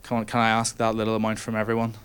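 A man's voice: lowish voice, monotone, quick pace, fairly bright tone. A man from Ireland, telling a stand-up story on stage in a conversational way, building to punchlines. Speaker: stand-up comedian. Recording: live venue with crowd. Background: audience laughter.

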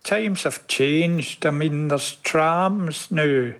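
A man on a comedy panel, joking with a dry, unhurried delivery. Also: fairly high pitch, a bit bright.

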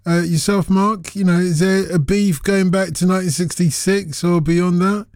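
Bantering radio host. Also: male voice, high voice, steady tone, darkish tone, dry recording, clean studio sound. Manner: bantering, teasing, quick asides. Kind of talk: live sports talk radio. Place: radio studio. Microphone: studio microphone.

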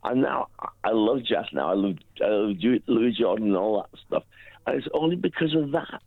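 A man's voice: on the low side, animated, a little fast, gravelly, no room sound. A man calling in to a radio show over the phone, talking enthusiastically with stammering repeats. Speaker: caller. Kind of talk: phone-in call. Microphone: telephone. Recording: tinny phone line.

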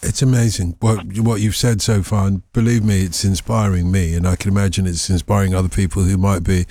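A man's voice: low-pitched, flat delivery, a little fast, warm tone, no echo, studio quality. A man hosting a radio phone-in, talking sympathetically to a caller in long, rambling questions.

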